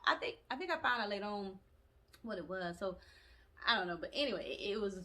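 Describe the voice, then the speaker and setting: A woman vlogger telling a personal story in a chatty, animated way, with colloquial asides and laughter. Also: mid-range voice, fairly quick. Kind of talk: casual storytelling to camera.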